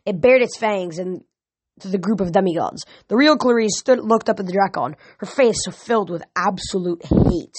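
A woman's voice: medium pitch, no echo. Woman reading a novel aloud, dry sound. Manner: lively reading with occasional restarts, raising her voice for shouted lines.

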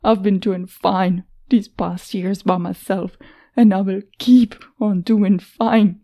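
A woman voicing a brave, guarded young woman who rescues people, sarcastic and quick with retorts. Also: mid-range voice, darkish tone, close to an everyday voice. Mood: tearful anger.

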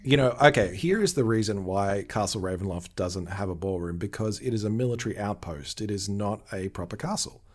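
A man hosting a relaxed podcast conversation, talking his points through at length. His voice sits somewhat low, and he laughs easily between thoughts. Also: a little fast, hardly any pauses. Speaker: podcast host. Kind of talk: casual podcast chat.

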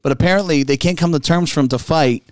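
A man's voice: fairly high pitch, fast, no echo, studio quality. A man co-hosting a casual comedy podcast, rambling, swearing freely and restarting sentences often. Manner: rambling, profane, restarts a lot. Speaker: podcast co-host.

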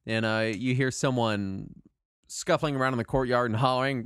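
A man running a tabletop game as game master, narrating in a relaxed way with plenty of fillers and easy laughter. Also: medium pitch, moderate pace, clean tone, dry recording, clean studio sound.

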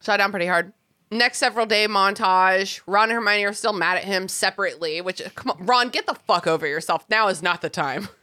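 Bright-voiced woman podcast host. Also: medium pitch. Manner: animated, swearing, quick asides. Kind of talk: casual podcast chat.

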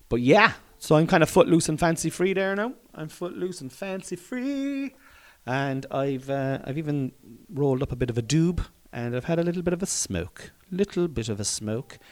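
A man hosting his own comedy podcast, talking in a rambling, jokey way and swearing casually, recorded in a room at home. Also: mid-range voice.

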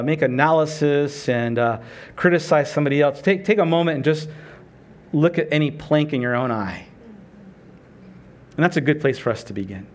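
A middle-aged man delivers a sermon in a relaxed, conversational way. His voice sits a little high for a man. He asks the listeners rhetorical questions and briefly acts out prayers and dialogue. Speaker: pastor.

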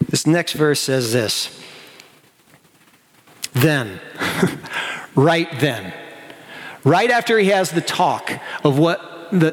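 A man preaching a sermon as a pastor, animated, acting out the disciples in quick excited asides. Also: on the high side. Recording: long hall reverb.

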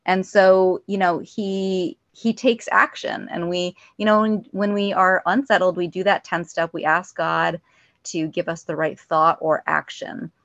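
Woman, reflective soft share, dull dry connection. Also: lowish voice, fairly even intonation, unhurried, dry recording. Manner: soft-spoken, reflective, many fillers. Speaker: meeting member sharing. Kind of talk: casual personal share. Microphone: phone or weak call connection. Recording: dull, dry call audio.

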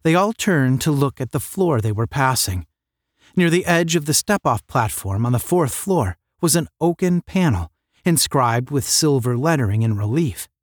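A man reading a 1950s space-adventure novel aloud as narrator, with measured storytelling. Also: mid-range voice, expressive, dry recording, clean studio sound.

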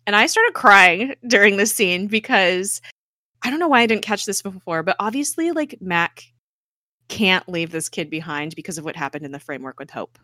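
A woman's voice: medium pitch, big pitch swings, moderate pace, bright, forceful tone, no echo, clean studio sound. A woman co-hosting a casual chat, retelling scenes animatedly and laughing often. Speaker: podcast co-host.

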